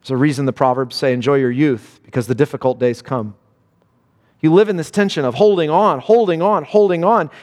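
A man preaching a sermon with impassioned delivery, dropping low and quiet then rising to high exclamations. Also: brisk, in a large hall. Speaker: pastor.

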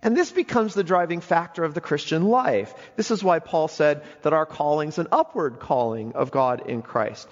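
A man preaching a sermon with emphatic delivery, swinging between soaring and hushed moments. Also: on the high side, expressive, normal speed, hardly any pauses. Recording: dull lo-fi audio with long hall reverb.

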